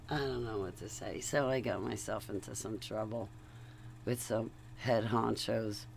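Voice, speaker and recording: A woman speaks in an extremely low voice with vocal fry and a slightly mellow quality, over slight background noise. She's vlogging in a casual, chatty monologue to her viewers, rambling and digressing and laughing between thoughts.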